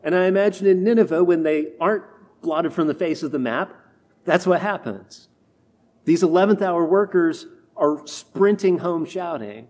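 Preacher, male, high-pitched, delivers a homily and acts out quoted complaints. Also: normal speed, a little mellow. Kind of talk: sermon.

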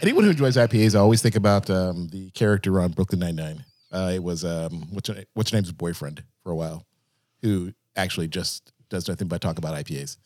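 A man's voice: low-pitched, fairly quick, darkish tone, no echo, clean studio sound. A man co-hosting a podcast, rambling and self-deprecating, hesitating often as he searches for words. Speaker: podcast co-host. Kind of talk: casual podcast banter.

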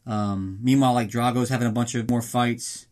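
A man hosting a podcast, recapping a film in a casual, sarcastic, profane way and slipping into quick mock voices. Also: mid-range voice, fairly even intonation, darkish tone. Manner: reads a mock ad in an upbeat announcer tone.

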